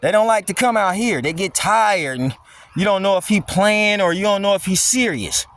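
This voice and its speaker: A man's voice: high-pitched, moderate pace, fairly bright tone. A man filming a casual vlog on a windy wooded walk with his dog, talking in a blunt, mocking, slangy rant. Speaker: dog vlogger. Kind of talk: casual walking vlog monologue.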